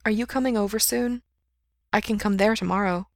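Casual: lady reading doing a nervous sorry young guy, a bit higher, pleading, dry sound. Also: fairly even intonation, a little fast, dry recording, natural voice. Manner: earnest, apologetic, plaintive. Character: anxious guilt-ridden young man, pleading.

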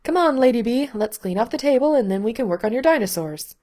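A woman reading aloud, voicing a cheerful young wife and mother speaking brightly to a child. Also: lowish voice, big pitch swings, unhurried.

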